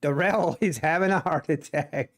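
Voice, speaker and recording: A man hosting a live day-trading stream, excitable, laughing often and repeating himself. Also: a little high, moderate pace. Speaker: day-trading livestream host.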